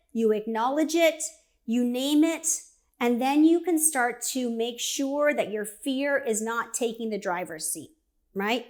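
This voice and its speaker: Upbeat woman giving a motivational talk. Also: on the high side. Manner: energetic, conversational, quotes inner voices. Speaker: speaker and coach.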